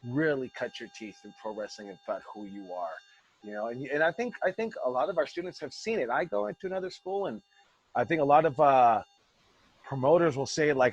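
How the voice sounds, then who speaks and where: A man's voice: medium pitch, moderate pace. A man coaching wrestling students over a video call, rambling and passionate, swearing freely. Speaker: wrestling school head coach. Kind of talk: casual online class talk.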